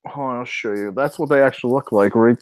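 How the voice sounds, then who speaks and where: A man's voice: medium pitch, fast talker. A man in casual gaming chat, easygoing and agreeable. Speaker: co-host.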